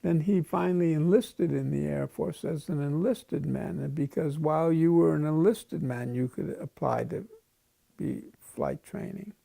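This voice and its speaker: A man's voice: a little high, a little slow, gravelly, dark tone, no echo. A man in his eighties from the United States, telling wry, wandering stories in a casual interview. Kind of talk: casual storytelling.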